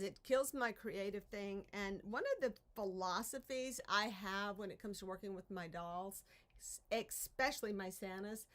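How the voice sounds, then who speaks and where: Bright-voiced chatty woman. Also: a little high. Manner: chatty, rambling, self-interrupting, sighs at her troubles. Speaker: craft channel host. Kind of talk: casual live-stream chat while crafting. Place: her home art studio, door open.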